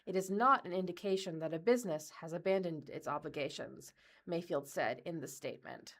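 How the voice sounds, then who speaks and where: A woman reading local news articles aloud for a radio reading service, in a steady, even delivery. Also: on the low side, a little fast. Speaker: volunteer news reader.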